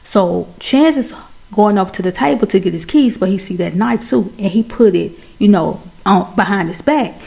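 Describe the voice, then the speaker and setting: Gravelly lady doing a movie recap, mellow dark voice, chatty and lively. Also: mid-range voice, moderate pace. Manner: chatty, animated, talks straight to viewers.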